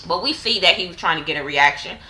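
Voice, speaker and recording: A woman with a bright, forceful voice pitched on the low side, recapping a TV drama in loose, profane slang. She acts out each character's lines herself with plenty of attitude. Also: expressive, quick pace, rough recording. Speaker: TV show reviewer.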